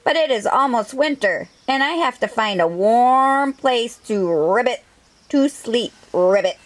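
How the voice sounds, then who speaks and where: A woman's voice: fairly high pitch, lively intonation, unhurried, rough recording. A woman voicing a sleepy, polite male frog in a storybook reading, breaking into ribbits as he talks.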